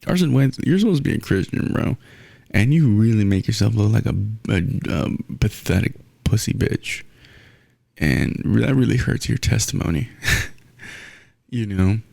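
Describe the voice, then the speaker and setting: A young man hosts his own podcast and rants in a casual, blunt, profane way. His voice sits fairly low and has a gravelly edge. The sound is close and dry, with little room around it. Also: moderate pace, no room sound. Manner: blunt, profane, animated ranting. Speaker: podcast host. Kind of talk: casual solo sports rant.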